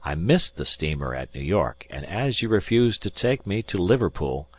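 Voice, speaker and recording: A man voicing a cool, precise English gentleman who speaks with calm, measured authority in an audiobook. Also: low-pitched, husky, dry recording, full character voice. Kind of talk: audiobook character voice.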